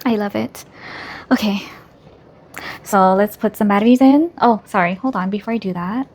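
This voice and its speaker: A woman's voice: medium pitch, moderate pace, darkish tone. A woman filming an unboxing vlog, gushing, gasping and squealing with delight. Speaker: vlogger.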